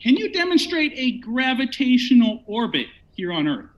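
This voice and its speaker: A man's voice: very high voice, very animated, moderate pace, muffled recording. A man arguing heatedly in a debate, combative and mocking, often talking over his opponent.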